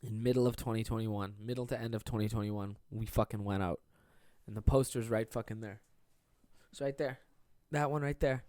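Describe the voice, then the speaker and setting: A man's voice: fairly low pitch, fairly even intonation, a little fast, mellow, no room sound, studio quality. A man in his twenties hosting a podcast, talking in a rambling, profane, self-deprecating way as a stand-up comedian. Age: 20s. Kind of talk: casual solo podcast monologue.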